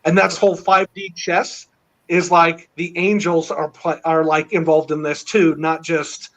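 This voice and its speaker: A middle-aged man telling a long story in casual chat, rambling and excited, with many fillers. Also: on the high side, unhurried. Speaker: panel guest. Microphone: video call. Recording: dull lo-fi online call audio.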